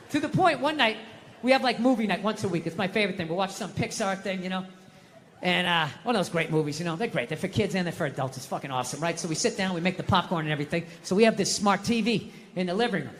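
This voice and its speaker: A middle-aged man doing stand-up comedy on an outdoor stage, ranting and bursting into loud shouted impressions. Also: sits high, lively intonation, quick pace. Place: large outdoor venue, windy. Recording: live stage sound with long reverb, faint noise.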